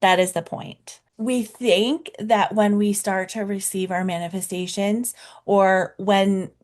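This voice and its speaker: A woman talking to camera as a coach, in a casual, reflective way, full of "like" and "right?", slowing down to linger on key words. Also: medium pitch, fairly even intonation. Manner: chatty, many fillers like "like" and "right?". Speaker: life coach.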